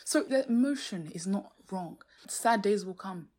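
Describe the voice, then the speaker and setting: A woman's voice: mid-range voice, animated, unhurried, a little mellow. A young woman hosting a faith-based podcast, talking earnestly and animatedly, sometimes exclaiming and laughing as she explains Bible verses. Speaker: podcast host. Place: home, street noise outside.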